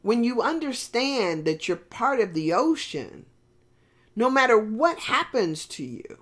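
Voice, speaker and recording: A woman's voice: fairly high pitch, big pitch swings, unhurried. A woman preaching a sermon in a rambling, conversational way with many fillers and restarts.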